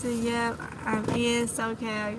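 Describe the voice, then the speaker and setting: A woman's voice: on the high side, completely flat delivery, a little slow, very noisy. A woman with a Mississippi Southern accent hosting a casual live Q&A, chatty and affectionate, calling her viewers honey. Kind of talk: casual live-stream chat reading comments.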